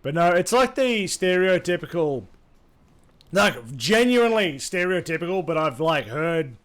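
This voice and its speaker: A man's voice: fairly high pitch, sing-song, a little slow, fairly bright tone. An Australian man chatting casually on a live gaming stream, rambling, swearing freely and reading chat aloud.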